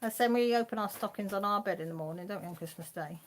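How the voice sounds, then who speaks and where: A woman with an English accent hosting a casual live chat from home, rambling and quick to laugh. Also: medium pitch. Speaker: craft channel host.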